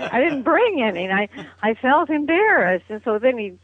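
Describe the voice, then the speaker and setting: A woman's voice: high voice, sing-song, moderate pace, crowd noise. An older woman reminiscing as a guest in a phone interview, chatty and laughing often. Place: at home on a phone call. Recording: tinny dry phone line.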